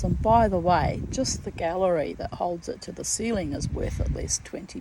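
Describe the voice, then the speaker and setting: A woman's voice: lowish voice, noisy background. A woman in her fifties from New Zealand, talking to camera in a blunt, chatty, rambling way, with the odd swear word. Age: 50s. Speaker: vlogger. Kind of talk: casual rambling monologue. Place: garden outdoors.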